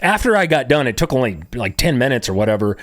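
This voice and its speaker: A man's voice: medium pitch, big pitch swings, fast, a bit bright, dry recording, clean studio sound. A young man telling his own story casually to viewers, rambling with many fillers and repeated words.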